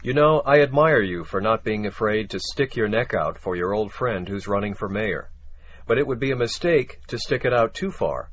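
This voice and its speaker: A man reading English example sentences aloud for a radio lesson, carefully and deliberately. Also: fairly low pitch, expressive. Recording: dull lo-fi radio broadcast.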